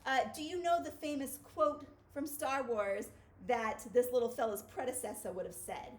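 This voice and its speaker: Upbeat high-voiced woman phonics teacher. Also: normal speed. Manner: upbeat, playful teacher talk. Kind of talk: children's phonics video lesson.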